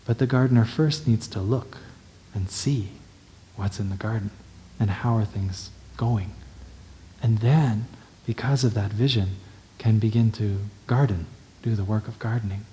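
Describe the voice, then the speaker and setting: A male meditation teacher giving a dharma talk in a gentle, unhurried way, often checking in with the listener. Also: fairly low pitch, a little hiss or hum.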